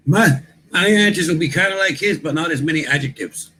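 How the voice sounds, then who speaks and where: A man's voice: on the high side, moderate pace, bright, forceful tone, a little hiss or hum, low-quality recording. Wisecracking man telling anecdotes. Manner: joking, tells wry anecdotes. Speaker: co-host. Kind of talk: casual livestream chat.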